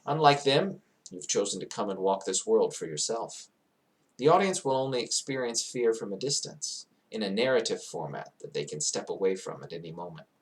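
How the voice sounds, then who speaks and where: A man's voice: fairly low pitch, big pitch swings, normal speed. A man narrating a fantasy world in character as its guide, grandiose and digressive, swelling at times into emotional peaks.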